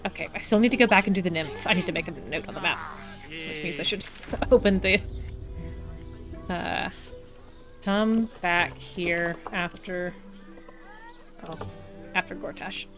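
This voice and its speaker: A woman's voice: on the low side, a little slow, pauses often, over music. A woman streaming a video game, reading its text aloud with wry, chatty asides.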